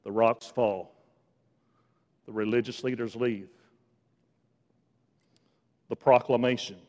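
A man preaching a sermon in a church, swinging between hushed, quiet lines and loud, rising ones, with touches of sarcasm. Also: mid-range voice, fairly even intonation, slow pace, big-room sound, muffled recording. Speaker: pastor. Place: church sanctuary.

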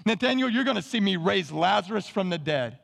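A man voicing Jesus as a gently teasing teacher in a folksy paraphrase, during a sermon. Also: sits high, expressive, a little fast, vocal fry, big-room sound, exaggerated voice. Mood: building.

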